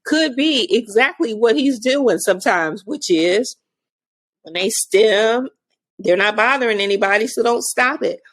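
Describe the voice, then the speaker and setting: A woman guest and autism advocate, telling lively stories about her son in a casual conversation, laughing often. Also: a little high, a little slow. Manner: animated storyteller, laughs often.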